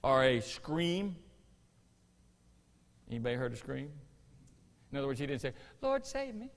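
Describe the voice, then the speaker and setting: A man preaching a sermon as pastor, building to loud emphatic peaks between folksy asides. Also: mid-range voice, sing-song, unhurried, gravelly, long reverb tail. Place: church sanctuary.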